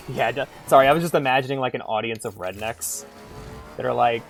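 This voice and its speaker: A man's voice: medium pitch, steady tone, a little fast, vocal fry, soft background music. A man streaming a game, chatting casually in a rambling, irreverent way and swearing freely. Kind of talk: casual gameplay chat.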